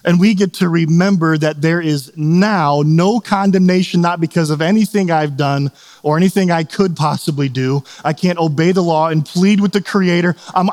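A man preaching a sermon as pastor, earnest and animated, sometimes acting out quoted voices. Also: fairly high pitch, moderate pace, big-room sound.

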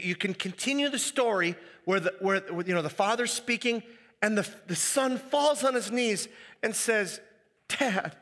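A man preaching a sermon as pastor, animated and acting out the quoted voices. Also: sits high, long reverb tail.

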